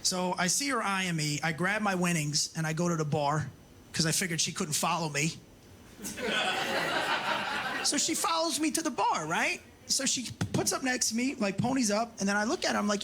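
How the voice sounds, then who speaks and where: A man's voice: high voice, lively intonation, moderate pace, sharp tone, slight background noise. A man doing a stand-up comedy set, telling profane stories and acting out the dialogue himself. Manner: profane, storytelling, acts out dialogue. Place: comedy club stage.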